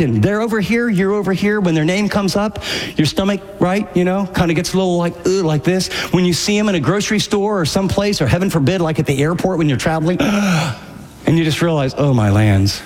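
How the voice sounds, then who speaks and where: Animated high-voiced male pastor preaching. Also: big-room sound. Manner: animated, acts out inner voices. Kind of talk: radio sermon.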